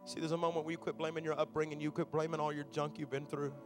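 A man preaching in a high, urgent voice, moving from intimate confession to loud, fervent declaration. Worship band music plays steadily under him. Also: level tone, fast. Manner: impassioned preaching that builds to loud fervor. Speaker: pastor. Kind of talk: sermon.

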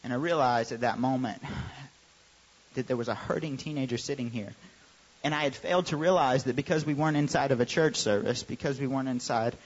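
A young adult man, a youth pastor, telling a lively story in a sermon and acting out the voices of the people in it. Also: medium pitch, a little fast. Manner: animated storyteller, acts out quoted voices. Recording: dull sound with long hall reverb.

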